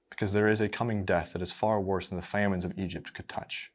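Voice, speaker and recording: A man preaching a sermon, building with rising emphasis on repeated phrases and dropping to quiet tenderness. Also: sits low, flat delivery, brisk.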